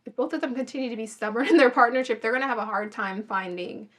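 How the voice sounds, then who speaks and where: A woman's voice: on the high side, fast talker, fairly bright tone. A woman casually giving her opinions in a TV review, chatty and thinking aloud with restarts, recorded on a phone. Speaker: reality TV reviewer.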